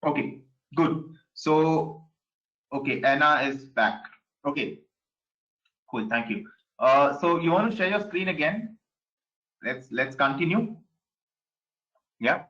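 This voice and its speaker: A man teaching an online class in a relaxed, conversational way, with many fillers and repeated words. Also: a little high, slow pace, pauses often. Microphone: video call. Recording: dull lo-fi video call audio.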